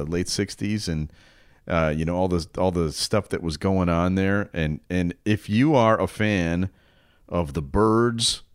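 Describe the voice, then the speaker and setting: Man, podcast host, low voice, smooth, dry studio sound, rambling casual chat. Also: no echo. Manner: rambling, loose, many fillers.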